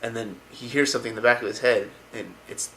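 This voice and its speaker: A man's voice: mid-range voice, fairly even intonation, quick pace, pushed and bright, a little hiss or hum, rough recording. A man casually retelling a fantasy story, rambling with many fillers and restarts. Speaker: lore video narrator.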